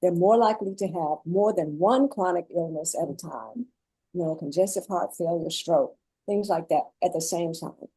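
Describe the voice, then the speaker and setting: A woman guest on a panel, explaining her caregiving experience in earnest, measured phrases. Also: on the low side, warm tone, breathy edge, no room sound, poor audio. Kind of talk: panel discussion.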